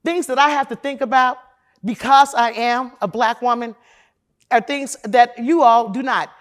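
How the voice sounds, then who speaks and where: A woman from Chicago, a defense lawyer, giving a candid, profane conference talk in a loud, emphatic, opinionated way, speaking straight to the audience. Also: fairly high pitch, measured pace. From Chicago, USA.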